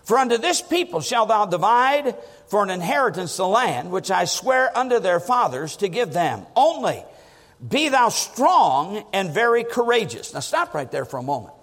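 A high-voiced man delivers a sermon with wide, lively swings of pitch. He leans hard into stressed words and sinks low for emphasis. His voice rings out with the long reverb of a large hall. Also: normal speed. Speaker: preacher.

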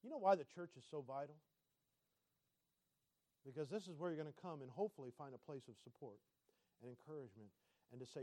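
A male pastor preaching a sermon, swinging between loud emphatic lines and quiet asides and asking the congregation direct questions. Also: a little high, sing-song, a little fast, dry recording.

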